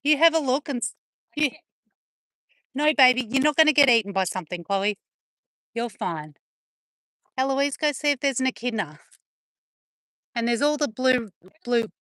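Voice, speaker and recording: A woman's voice: high-pitched, expressive, moderate pace, pauses often, pushed and bright, no room sound. A woman vlogging outdoors on a farm, chatting playfully and teasing her dogs. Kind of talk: casual chat to camera and to her dogs.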